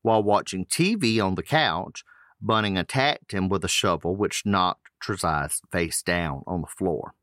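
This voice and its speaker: A man's voice: sits low, measured pace, a bit bright, no room sound, clean studio sound. A man hosting a podcast, reading case notes aloud with loose casual asides. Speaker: podcast host.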